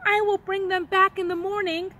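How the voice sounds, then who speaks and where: A woman voicing a desperate barefoot village man who pleads in a high, tearful voice. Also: expressive, moderate pace, fairly bright tone, a little hiss or hum. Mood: grateful.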